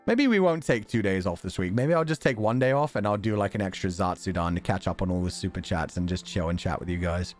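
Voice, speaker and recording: A man casually chatting on a livestream, excitable, laughing often and swearing now and then. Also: low voice, quick pace, few pauses, soft background music. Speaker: streamer.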